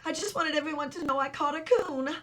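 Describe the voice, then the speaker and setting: A woman voicing an excited young farm boy who talks in eager, breathless bursts. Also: sits high, fairly quick, pitched above the performer's own voice. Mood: pleading.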